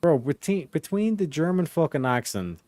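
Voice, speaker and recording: A young man casually reading old case transcripts aloud to friends, halting with fillers and swearing. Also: fairly high pitch, very animated, dark tone, a little hiss or hum. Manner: profane, halting, reads with fillers. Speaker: host reading case files.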